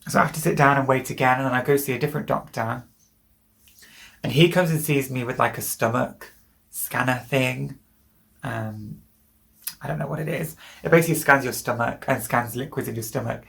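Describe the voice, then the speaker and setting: Brisk and gravelly, this very deep female voice carries a slight brightness. She's a British vlogger in her twenties, vividly relating a personal experience to camera with candor and emotion.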